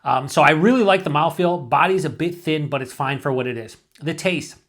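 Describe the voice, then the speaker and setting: Man, beer reviewer, casual monologue, rambling asides, slightly higher voice. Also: a little fast, a bit bright. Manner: thinking aloud, rambling with restarts and asides.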